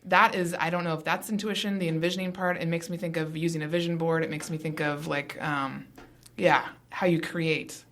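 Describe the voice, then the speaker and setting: Thoughtful woman host, very low voice. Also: fairly even intonation, fairly quick, a bit bright. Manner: thoughtful, searching for words with fillers. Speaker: podcast co-host. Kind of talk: casual interview chat.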